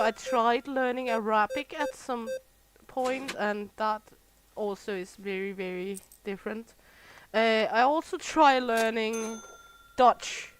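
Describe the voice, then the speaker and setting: A Danish gaming streamer from Southern Jutland talks in a slightly high voice over a noisy background. Her casual chatter while playing is rambling and full of laughter.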